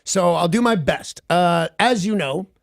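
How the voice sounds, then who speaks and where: A middle-aged man, a radio host, telling an animated story in a casual talk segment and mimicking other people's voices. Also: high-pitched, a little slow, gravelly, no room sound, studio quality.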